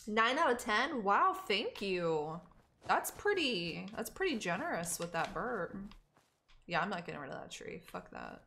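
A woman's voice: medium pitch, big pitch swings, measured pace, gravelly, bright, forceful tone. Woman streamer chatting w her viewers while she plays, swears a lot, voice all over the place, little bit of faint noise behind. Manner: casual, profane, talks to herself and chat. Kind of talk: live-streamed gameplay chat with viewers.

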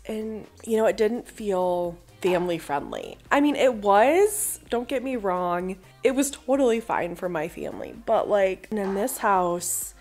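A woman's voice: medium pitch, a little mellow. A woman in her thirties chatting casually and rambling upbeat about painting her living room, speaking to a camera mic in her home. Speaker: home renovation vlogger. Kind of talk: casual vlog chat.

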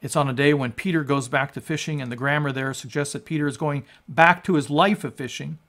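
A male pastor giving a sermon and reading scripture, emphatic and rising to loud peaks on quoted lines. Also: fairly high pitch, brisk. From United States.

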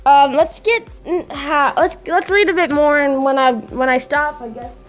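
A woman's voice: high-pitched, moderate pace, soft background music. A woman casually reading fan fiction aloud into a microphone, giggling, stumbling over words and adding chatty asides. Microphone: desk microphone.

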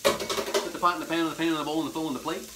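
Talking very fast in a slightly high voice with fairly even intonation, a horror movie host gives a casual cooking demo at his home kitchen stove. He's folksy and jokey, leaning on hip slang, while heavy background noise and loud frying and sizzling surround him.

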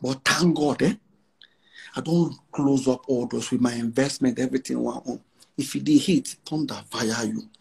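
A man's voice: medium pitch, normal speed, gravelly, a little mellow, husky. A Nigerian man in his forties, a musician giving an interview, talking in an emphatic, boastful way in Nigerian English mixed with Pidgin, often repeating himself.

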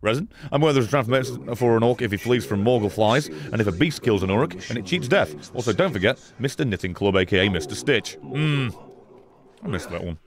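A man streaming a video game live, commenting excitably and swearing often. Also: medium pitch, a little fast, gravelly. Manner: excitable, profane, chatty.

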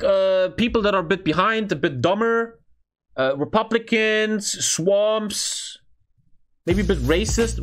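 A European man streaming casual reaction commentary, blunt and profane, reading chat aloud as he thinks. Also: high-pitched.

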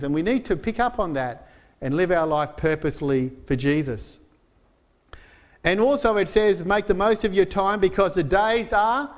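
Male pastor, high-pitched, earnest sermon delivery, slows for scripture quotes. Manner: earnest, with slowed emphasis on quoted verses; frequent fillers and restarts while preaching.

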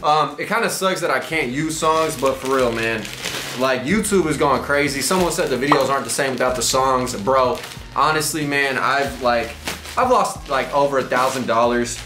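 A man's voice: mid-range voice, moderate pace, roomy sound, noisy background. A young man from Texas, rambling and joking in slang as he unboxes items for his vlog. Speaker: vlogger.

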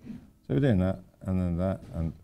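A man's voice: low voice, animated, moderate pace, creaky, warm tone, a little hiss or hum. An older man giving an informal architecture lecture to students, rambling with wry, self-deprecating asides. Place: lecture hall at a university.

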